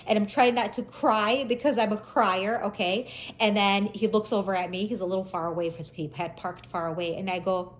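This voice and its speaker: A woman in her forties telling a personal story casually, animated, acting out quotes in sudden loud high bursts. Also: a little fast.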